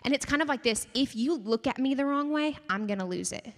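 A young woman preaches in a chatty, animated way, often turning to the audience with questions. Her voice sits a little high, and a long reverb trails each phrase as if she is in a large hall. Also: a little fast. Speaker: campus ministry speaker. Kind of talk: sermon.

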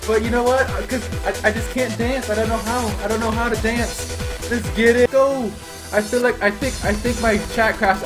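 A man live streaming, chatting excitedly to his viewers, loud and repeating himself as he hypes them up. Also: extremely high pitch, fairly quick, faint music behind.

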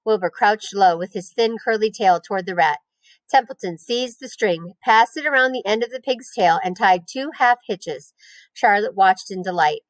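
A woman, a teacher, reading a children's novel aloud in a clear, expressive storytelling voice. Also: mid-range voice, moderate pace, no echo.

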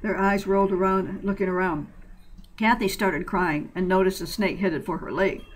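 A woman narrates a short story in a plain, even reading voice, with now and then a small slip. Her pitch sits at a middle level for a woman, neither high nor low. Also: normal speed, low-quality recording.

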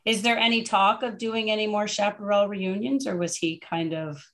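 A woman hosting a casual tribute chat over a video call, chatty and quick to laugh. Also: mid-range voice, steady tone, fairly bright tone. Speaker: host.

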